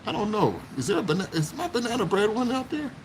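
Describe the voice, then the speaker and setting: A man's voice: high voice, big pitch swings, fast talker, slight background noise, low-quality recording. A man hosting a casual livestream, chatting with viewers, laughing often and exclaiming as he talks. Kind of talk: casual live chat. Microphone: phone.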